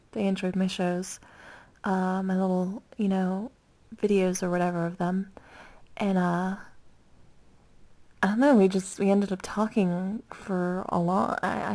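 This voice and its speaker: Excitable woman vlogger, gravelly vocal fry, giggly and rambling. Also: medium pitch. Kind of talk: casual chatty vlog.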